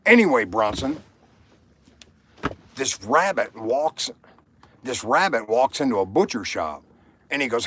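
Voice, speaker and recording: A man's voice: mid-range voice, very animated, unhurried, pauses often, fairly bright tone, slightly rough. A man hosting a casual livestream, rambling between topics and talking to viewers by name. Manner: rambling, reads viewer comments aloud. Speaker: livestream host. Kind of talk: casual chat.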